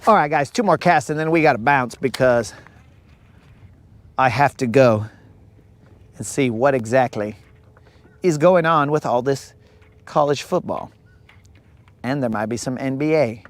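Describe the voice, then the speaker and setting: Streaming live from a boat outdoors, this fishing host has a mid-range voice and talks a little slowly, pausing often, on a dry recording. His banter is casual, slangy and rambling, full of jokes and plenty of "bro."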